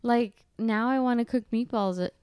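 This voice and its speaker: A woman's voice: a little high, moderate pace, darkish tone, clean tone, dry recording, clean studio sound. A woman hosting a casual podcast chat, upbeat and encouraging. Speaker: podcast host.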